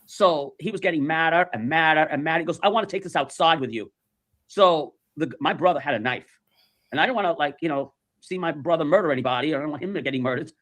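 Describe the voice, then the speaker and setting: A man's voice: on the high side, fast talker. A man telling a story in casual chat, animatedly acting out the voices of the people in it. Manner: animated, acts out quoted voices.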